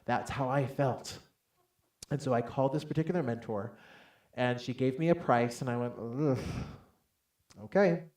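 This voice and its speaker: Animated male stage speaker in an echoey hall. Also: mid-range voice, normal speed. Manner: animated storytelling, acts out dialogue loudly, calls for audience responses. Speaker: motivational speaker. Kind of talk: stage talk to a live audience.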